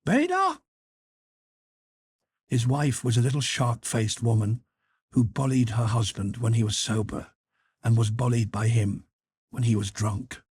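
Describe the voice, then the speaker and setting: A man narrates literary fiction for an audiobook in an even, measured way. His voice sits mid-range with a husky, breathy grain. The recording is dry, with no room sound. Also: mid-range voice, no room sound. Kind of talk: scripted narration.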